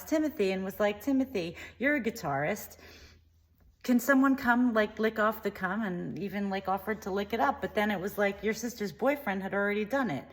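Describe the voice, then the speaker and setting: A woman playing a naive, opinionated young woman in a comedic monologue, rambling chattily in a deadpan way. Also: medium pitch, lightly acted. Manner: free-associating, chatty, deadpan.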